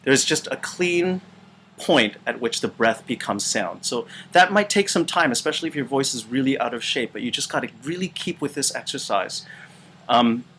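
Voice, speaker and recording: A man's voice: medium pitch, animated, a bit bright, a little hiss or hum. Man with a weakened, out-of-shape voice. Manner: halting, with many fillers and restarts. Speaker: voice teacher and choir conductor. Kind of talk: casual instructional video. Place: small retreat room.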